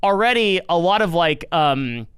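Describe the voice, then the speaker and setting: Man, stream commentary, rambling, curses, fillers, high-ish crisp voice, dry close mic. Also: lively intonation, unhurried, a bit bright, dry recording. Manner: rambling, swears, lots of fillers and restarts. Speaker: streamer reacting to news.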